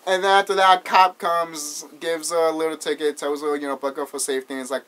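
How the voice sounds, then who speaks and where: A man's voice: on the high side, fast, few pauses, fairly bright tone. A man casually retelling a horror movie's plot, rambling, swearing often and laughing as he goes. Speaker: movie reviewer.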